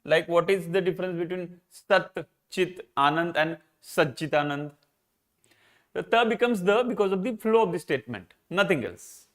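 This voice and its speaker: A man's voice: high voice, normal speed. A man with an Indian English accent teaching philosophy in an exam-prep lecture, posing rhetorical questions and answering them himself. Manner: repeats and rephrases key points, slips into Hindi.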